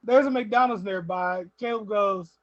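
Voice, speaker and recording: This is a young man telling drinking stories on a casual podcast. His voice is high for a man, and he keeps acting out the people in his stories. The recording is dry and slightly dull. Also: measured pace, dry recording. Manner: animated storyteller, laughs often, quotes people. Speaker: podcast host.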